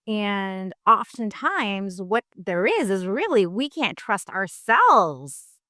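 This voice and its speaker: A woman's voice: mid-range voice, sing-song, slow pace, bright, forceful tone, no room sound. A woman host with a middle-range voice chats loosely with her guest and wanders through her thoughts with lots of fillers. The recording is close and dry. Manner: rambling, filler-heavy, searching for words. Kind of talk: casual chat interview.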